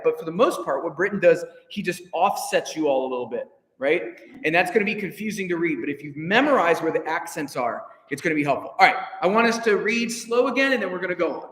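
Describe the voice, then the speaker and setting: A man leading a choir rehearsal, counting in and singing phrases to show the singers how they go. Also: a little high. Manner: animated, counts in and sings phrases to demonstrate. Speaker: choir director. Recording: reverberant hall recording with music. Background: instrument accompaniment.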